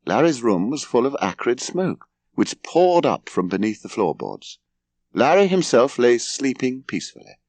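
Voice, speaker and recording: A man narrating a comic memoir audiobook in a wry, expressive manner. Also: medium pitch, normal speed, dry recording. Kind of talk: scripted narration.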